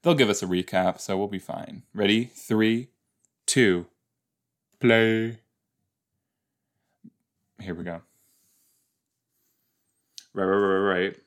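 A man's voice: lowish voice, takes it slowly, long pauses, clear, resonant tone. A young man hosting a casual watch-along podcast, rambling and chatty with joking asides. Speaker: podcast host.

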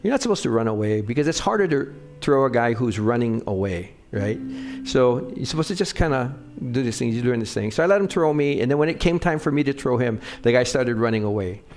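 A middle-aged male pastor preaching in a relaxed, conversational way, telling personal stories and checking in with the congregation as he goes. His voice sits at an ordinary middle pitch, with a soft guitar playing faintly behind him. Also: brisk. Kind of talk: sermon with personal storytelling.

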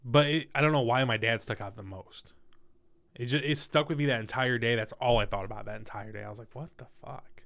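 A young man in conversation, recounting a messy personal story with blunt, swear-heavy candor. His voice sits at an ordinary middle pitch, and he jumps between retelling events and loud asides. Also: fairly quick, creaky. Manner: candid, profane, animated storytelling. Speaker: guest telling a story. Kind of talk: casual storytelling chat.

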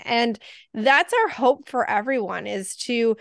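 A woman's voice: a little high, lively intonation, takes it slowly, vocal fry, dry recording, studio quality. A woman in her thirties, a podcast co-host, talking earnestly in casual chat and acting out her own inner thoughts.

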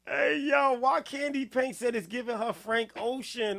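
A man hosts a casual music-review stream in a high, unhurried voice. He laughs through his lines and bursts into shouts and repeated calls of "hey, yo". Faint music runs underneath. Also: gravelly. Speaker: podcast host reviewing music. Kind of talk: casual live-stream commentary.

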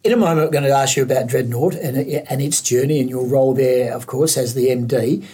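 A man's voice: mid-range voice, a little fast, dark tone, slightly rough. A man with an Australian accent hosting a podcast interview, asking long, rambling questions with many restarts. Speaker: podcast host.

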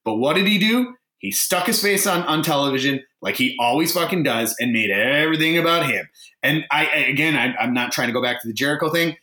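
A man's voice: a little high, a little fast, roomy sound. A man co-hosting a podcast in a casual, swearing, exasperated rant. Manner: animated, swearing, exasperated ranting. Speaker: podcast co-host. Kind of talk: casual chat.

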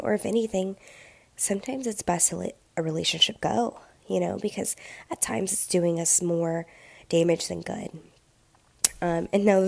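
A woman's voice: vocal fry, darkish tone, no echo. A young adult woman hosting a solo podcast, speaking earnestly and reflectively with a sick voice and many ums. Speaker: podcast host. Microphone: home podcast mic with difficulties. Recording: dry, close, low-quality audio.

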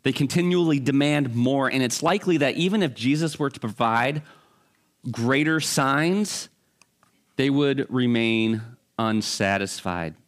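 A man's voice: mid-range voice, unhurried. A man preaching a Bible teaching sermon in a conversational way, with frequent restarts and fillers.

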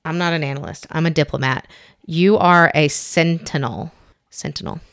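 A woman's voice: sits low, creaky. A woman co-hosting a podcast, chatting casually and reading a personality test aloud with stumbles and giggles. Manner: chatty, reads haltingly with giggles and self-corrections. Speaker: podcast co-host.

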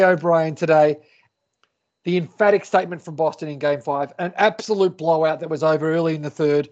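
Man, high voice, enthusiastic sports co-host, muffled lo-fi audio. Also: a little mellow. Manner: enthusiastic, builds up to a question with dramatic lead-ins. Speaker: podcast co-host. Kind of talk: casual sports chat.

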